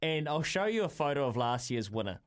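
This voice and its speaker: A man's voice: on the high side, sing-song, fairly quick. A man hosting breakfast radio, chatty and joking as he sets up the next segment. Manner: chatty, jokey. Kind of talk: casual radio chat.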